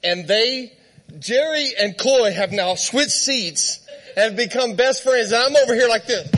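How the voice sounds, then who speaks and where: A man preaching in church, telling a funny story with lots of laughter and animated quoted voices. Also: very high-pitched, unhurried, slight background noise. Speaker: guest preacher. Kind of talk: storytelling sermon.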